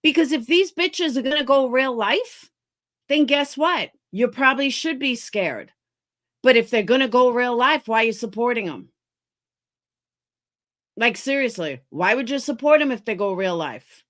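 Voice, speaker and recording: A woman's voice: on the high side, lively intonation, normal speed, fairly bright tone. A woman streamer ranting heatedly about other creators, swearing often and sounding exasperated. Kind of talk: livestream commentary rant.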